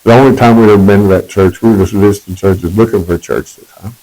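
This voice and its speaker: Low-voiced man telling his testimony. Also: fairly even intonation, quick pace, mellow, rough recording. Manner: rambling and conversational, with self-corrections. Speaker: person giving a testimony. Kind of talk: personal testimony storytelling.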